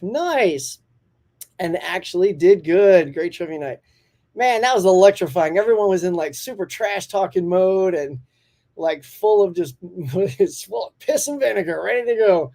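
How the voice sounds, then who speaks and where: A man hosts a relaxed morning live stream, chatting warmly and reading out viewer comments. His voice is mellow and rounded. He stays upbeat and talkative, with frequent laughter. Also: high voice, a little slow. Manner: reads out and answers viewer comments.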